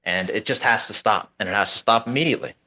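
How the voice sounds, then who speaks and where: A man's voice: lowish voice, quick pace, bright, forceful tone. Profane man ranting about politics. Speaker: podcast co-host. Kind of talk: casual political talk.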